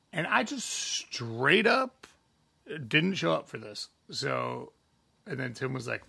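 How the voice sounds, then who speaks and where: A man's voice: mid-range voice, creaky, pushed and bright. A man in his forties from Chicago with a Chicago accent, co-hosting a casual podcast in a rambling, wry way. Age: 40s. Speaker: podcast co-host. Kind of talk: casual chat.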